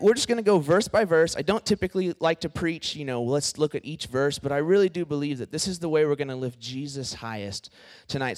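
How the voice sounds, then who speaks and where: A man's voice: on the high side, a little mellow. A man preaching a casual youth sermon, joking and acting out quoted friends.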